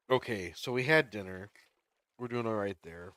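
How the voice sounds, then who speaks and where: A man's voice: on the low side, moderate pace, sharp tone, no echo. A man chatting casually on a livestream while he plays, laughing often as he tells stories.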